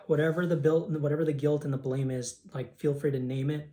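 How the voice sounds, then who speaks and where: A man's voice: fairly high pitch, fairly even intonation, a little fast, warm tone. A man coaching a guided tapping session, voicing grief affirmations aloud for the listener to repeat. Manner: leads scripted affirmations, speaks emotions aloud.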